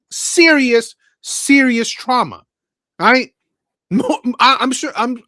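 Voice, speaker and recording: A man hosting a call-in commentary stream with a high, bright voice. He rambles, restarts his words and keeps asking "right?". The sound is dry and close. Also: no echo. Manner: rambling, repeats words, asks "right?" often. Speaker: host.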